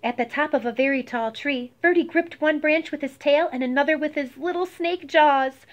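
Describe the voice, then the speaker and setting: A woman reading a picture book aloud, expressive and pausing to explain words for children. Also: high voice, lo-fi sound. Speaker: storybook reader.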